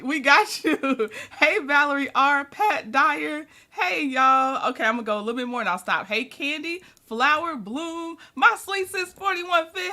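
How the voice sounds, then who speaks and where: A woman's voice: high-pitched, pushed and bright. A woman hosting a casual livestream, chatty and laughing often, sleepy and yawning as she greets her viewers by name. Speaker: livestream host.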